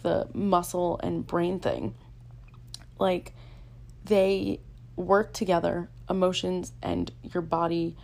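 Her voice is fairly low, creaky, and a bit mellow as this young woman hosts a podcast on her own. She chats casually in a solo format, leaning on lots of fillers and poking fun at herself along the way.

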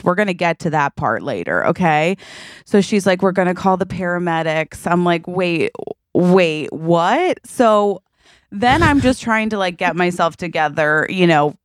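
A woman in her thirties co-hosting a podcast, telling a story in a lively chatty way, acting out her own lines and tossing in "okay?" and "like" a lot. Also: on the low side, dry recording, clean studio sound. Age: 30s. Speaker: podcast co-host. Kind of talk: casual podcast chat.

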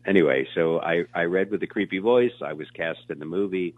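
Older guy rambling thru old acting stories, lots of uhs, low voice, tinny phone sound. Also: brisk, few pauses, dry recording. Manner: rambling, animated, many fillers and restarts. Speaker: actor being interviewed. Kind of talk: casual storytelling interview.

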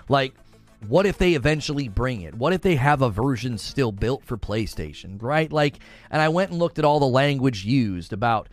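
A man hosting a casual gaming livestream, reading viewers' chat comments aloud and laughing often. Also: medium pitch. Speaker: gaming channel host reading live chat.

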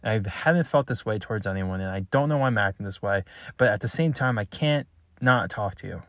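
Low-voiced man, frustrated confessional monologue. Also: no echo, studio quality. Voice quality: frustrated, halting and blunt. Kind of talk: confessional spoken message.

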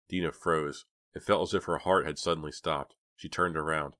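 Deep-voiced man reading a story. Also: steady tone, fairly quick, hardly any pauses, fairly bright tone, dry recording, clean studio sound. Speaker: audiobook reader. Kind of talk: audiobook narration.

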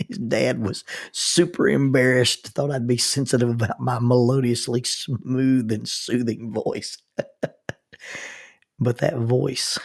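A man hosting his own podcast, telling stories and reflecting in a slow, soft-spoken, intimate way that sometimes drops almost to a whisper. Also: medium pitch, creaky, breathy edge. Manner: quiet, intimate delivery, dropping to near whisper. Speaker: podcast host. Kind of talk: reflective devotional podcast talk.

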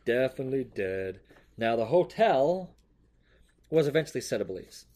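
A man's voice: mid-range voice, big pitch swings, moderate pace, mellow. A man hosting a casual true-crime podcast, reading from notes loosely, swearing offhandedly and laughing often. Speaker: podcast host. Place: home room with a noisy cat.

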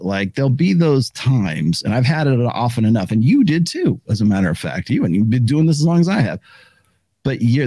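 A man's voice: medium pitch, mellow, slightly rough, no echo. A man hosting a casual conversation, rambling and acting out what other people said. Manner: rambling, acts out quoted voices.

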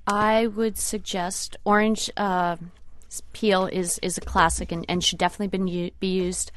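A woman's voice: mid-range voice, level tone, normal speed, dry recording. Woman chef, radio guest, thoughtful and hesitant, dry studio sound. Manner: thoughtful, hesitant, many fillers and restarts. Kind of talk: radio interview chat.

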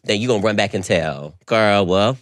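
A young man co-hosting a podcast, telling a story in an animated, slangy, swearing way. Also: on the low side, normal speed, no room sound, clean studio sound. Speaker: podcast co-host. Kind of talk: casual chat.

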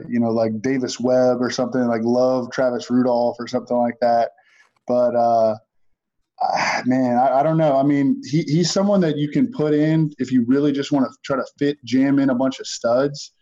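A man's voice: mid-range voice, dark tone, muffled recording. A man discussing fantasy football receivers in a loose podcast chat, thinking aloud with restarts.

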